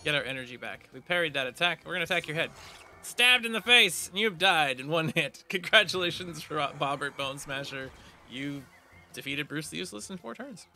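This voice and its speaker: Fairly high-pitched and expressive, this man talks a little fast with a sharp tone. He's a gaming video creator reading a game's text aloud in a casual let's play, joking around as he goes.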